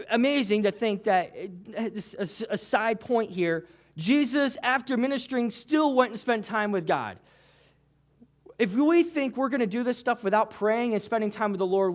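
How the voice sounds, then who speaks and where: A male pastor giving a sermon in a casual, conversational way, telling the story with lively asides. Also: very high-pitched.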